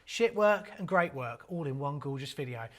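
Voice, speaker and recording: A man's voice: mid-range voice, expressive, normal speed, a bit bright. A man hosting a plumbing channel, talking through photos in a cheeky, joking way with crude banter. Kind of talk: casual jokey commentary. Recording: faint background music.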